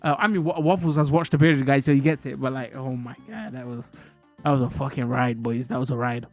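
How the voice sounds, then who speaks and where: A man's voice: medium pitch, fairly even intonation, brisk, darkish tone, soft background music. A man chatting casually on a live stream, telling rambling stories full of slang and laughter.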